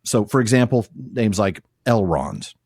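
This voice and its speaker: A man's voice: on the low side, sing-song, measured pace, darkish tone, dry recording, clean studio sound. A man co-hosting a podcast, reading passages aloud and breaking them down in casual discussion. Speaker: podcast co-host.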